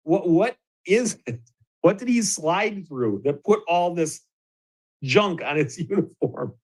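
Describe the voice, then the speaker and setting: A middle-aged man from Michigan, hosting a show and telling a story in a casual, animated way, chuckling now and then and restarting his sentences. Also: high voice, slow, low-quality recording. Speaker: host.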